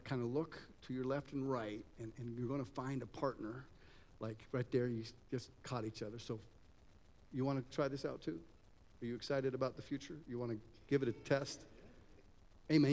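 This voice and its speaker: A man running a live audience exercise at a talk, joking and directing people as he goes. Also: medium pitch. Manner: energetic, joking, directs the crowd. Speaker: workshop speaker. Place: event hall with live audience. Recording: long hall reverb.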